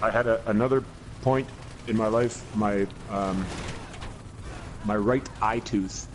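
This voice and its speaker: This forties-aged male podcast co-host swears constantly and keeps restarting as he rambles through long stories during casual gaming chat. His voice is on the low side, his tone steady, and he takes it slowly. There is background noise.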